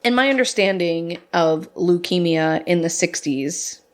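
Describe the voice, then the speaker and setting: A woman's voice: on the low side, measured pace. A young adult woman, co-host of a podcast, casually telling a true-crime story, swearing freely and laughing at her own jokes.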